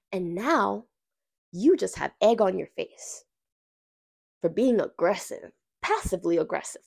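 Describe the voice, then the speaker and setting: A woman's voice: mid-range voice, measured pace, vocal fry, pauses often. A woman hosting a podcast, telling a workplace story in a casual rant. She is sassy and profane, and she acts out the people she quotes. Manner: lively storytelling with acted-out quotes. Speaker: podcast host. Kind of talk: casual ranting monologue.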